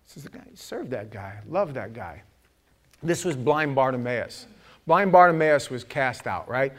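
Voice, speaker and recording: A middle-aged male pastor preaches with a fairly high voice. He tells animated stories, acts out the other voices, climbs to loud shouts, then drops to a low, earnest tone. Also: normal speed. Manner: animated storytelling, acting out voices, shouting at peaks. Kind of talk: sermon.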